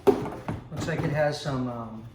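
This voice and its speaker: A man's voice: medium pitch, slow. Chatty man unboxing in an echoey room. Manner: chatty, relaxed, with frequent ums and asides. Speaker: vlogger unboxing a coffee maker. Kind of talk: casual unboxing commentary. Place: home room with a dog. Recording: echoey room, distant mic, noisy background.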